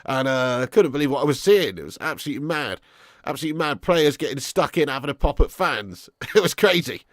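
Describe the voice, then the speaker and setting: A young man chats excitedly on a live stream, pitched a little high. His voice is close and dry, with no room sound. He bounces between banter with viewers and quick asides. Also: no echo. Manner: excitable banter, swearing, laughing with chat. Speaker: livestream host. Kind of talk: casual live chat.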